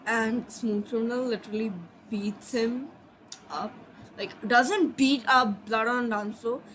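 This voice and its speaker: A woman's voice: fairly high pitch, steady tone, takes it slowly, fairly bright tone, a little hiss or hum, rough recording. A sleepy woman casually telling her own fan story, rambling, apologizing and trailing off.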